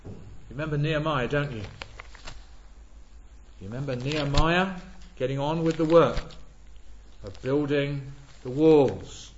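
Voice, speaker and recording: Brief: male preacher, fairly high voice, big dynamic swings, sermon in an echoey church hall with dull, lo-fi sound. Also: a little slow, pauses often, a little hiss or hum. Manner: swells loud on key words, drops low and soft between.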